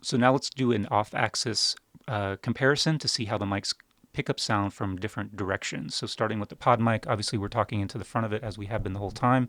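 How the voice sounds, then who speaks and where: A man's voice: fairly low pitch, fast talker, no echo. A man reviewing podcast microphones in a casual, wry, step-by-step demonstration, speaking close into a studio dynamic mic at a home setup. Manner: relaxed, wry, explains step by step.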